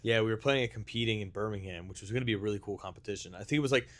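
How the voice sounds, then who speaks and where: A man chatting on a podcast, tossing in quick reactions and casual slang. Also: fairly low pitch, fairly bright tone. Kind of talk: casual chat.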